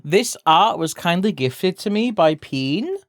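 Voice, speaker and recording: This is a livestreamer chatting away casually while drawing, with loose, unfiltered talk. The voice sits at a middle pitch, and every so often it jumps into excited squeals. The sound is close and dry, with no room around it. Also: a little slow, no room sound. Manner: chatty, swears casually, bursts into excited yelps.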